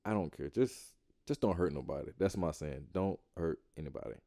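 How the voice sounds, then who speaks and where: A man in casual conversation, co-hosting a talk show, lively and swearing freely as he acts out quotes. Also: extremely low pitch, fairly quick, gravelly. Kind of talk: casual chat.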